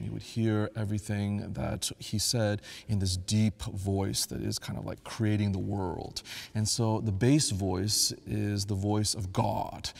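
Earnest priest teaching about chant, low gravelly voice, long church echo. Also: male voice, darkish tone. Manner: earnest and devout, breaks into chant to demonstrate. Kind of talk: teaching talk on liturgical chant.

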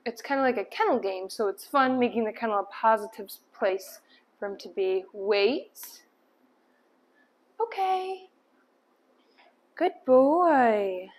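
A woman dog trainer speaks a little fast at a medium pitch, explaining each step as she gives a dog short commands and praise in an indoor room. Her praise is upbeat and her cues are firm.

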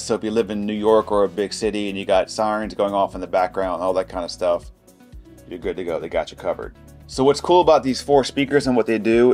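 Male reviewer host, low register, loose and conversational, tells little stories, soft music bed. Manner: chatty, anecdotal, loose and informal. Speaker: product reviewer. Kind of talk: casual product review.

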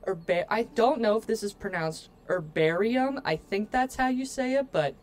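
A woman's voice: a little high, normal speed, darkish tone, faint music behind. A woman streaming a cozy game with her viewers. She keeps up a running, joking chatter and turns to the chat over and over in a loose, chatty way. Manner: playful, joking asides to chat; chatty, addresses viewers often. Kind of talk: casual let's-play commentary.

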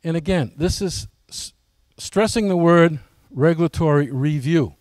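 A man's voice: a little high, a little slow, a little mellow, no echo. A man giving a casual, folksy presentation to his flying club, often asking the audience questions.

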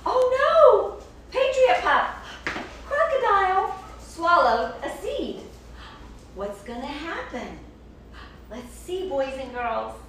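A woman's voice: extremely high pitch, takes it slowly, pauses often. A woman hosting a children's show, playfully reading a picture book aloud and chatting with a puppet and the young viewers. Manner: animated, playful, talks to a puppet and the kids. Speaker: children's story reader and show host. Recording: echoey room, distant mic, faint hiss.

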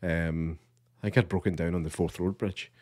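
Low-voiced Scottish man, relaxed. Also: normal speed, no echo. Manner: relaxed, hesitant with many ums, dry humour. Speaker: podcast co-host. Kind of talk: casual podcast chat.

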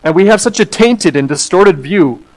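A man, an associate pastor, preaching a sermon in an animated way, acting out quoted voices and repeating words as he goes. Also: high voice, moderate pace, rough recording.

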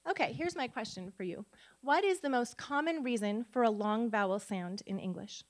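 Speaking at a conference, a Minnesota literacy educator leads a live phonics lesson for tutors in a conference room. Her voice is a little high and her pace moderate. Upbeat and lively, she voices sounds aloud and quizzes her listeners.

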